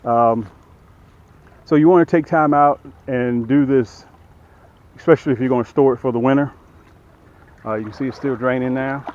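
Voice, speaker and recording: A man's voice: medium pitch, normal speed, long pauses, darkish tone, lo-fi sound. A middle-aged man giving a casual, folksy how-to demonstration outdoors, talking straight to viewers and a little out of breath from lifting. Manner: folksy, talks straight to viewers while working. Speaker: boat dealer demonstrating a boat. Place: outdoors by the water.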